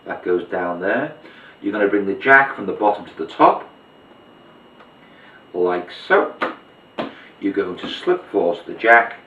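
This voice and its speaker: Scouse magician guy walking you through a card move, lowish voice, echoey room, kinda far off and muffled. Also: animated, unhurried, pauses often, slight background noise. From Liverpool, England. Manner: chatty, step-by-step explaining while handling cards. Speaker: magician teaching a card trick. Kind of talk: demonstration tutorial. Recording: roomy, distant, dull-sounding recording.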